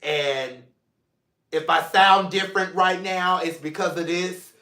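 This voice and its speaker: Chatty man with a bright, roomy voice. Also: sits high, steady tone, takes it slowly. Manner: chatty, playful, affectionate toward viewers. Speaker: mental health show host. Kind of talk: casual solo vlog talk. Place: seated in a room at home. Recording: roomy, echoey room.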